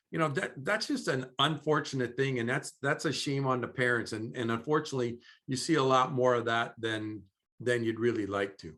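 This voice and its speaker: A man's voice: medium pitch, a bit bright. A man co-hosting a casual chat, grumbling and opinionated about how things are now.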